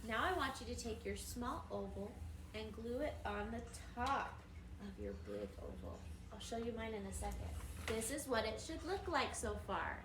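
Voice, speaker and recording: Patient woman teacher guiding little kids through a craft, slightly high voice, recorded from across an echoey room. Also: sing-song, noisy background. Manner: slow, patient, encouraging instructions. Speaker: preschool teacher. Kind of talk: craft lesson for young children. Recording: roomy echo from a distant mic.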